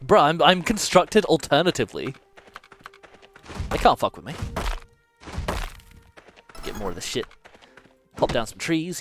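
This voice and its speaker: A man's voice: fairly high pitch, very animated, measured pace, long pauses, over music. A man streamer giving casual gameplay commentary, playful and swearing freely as he muses aloud.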